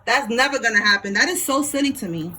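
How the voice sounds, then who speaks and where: A woman giving a casual tarot reading, talking straight to her viewers in a blunt, slangy way with swearing and quick laughs. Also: on the high side, animated, sharp tone. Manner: talks to viewers directly while pulling cards. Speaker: tarot reader.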